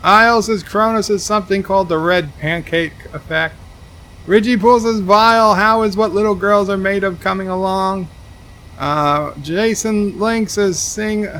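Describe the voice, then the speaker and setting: A man's voice: high-pitched, pushed and bright, slight background noise. A man streaming a game, reading chat messages aloud and answering them with dry asides. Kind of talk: casual livestream commentary.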